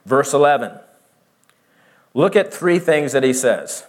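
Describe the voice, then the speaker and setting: Taking the Bible verse by verse, a man explains slowly, puts questions to his listeners, and acts out both sides of the argument in a fairly high-pitched, animated voice.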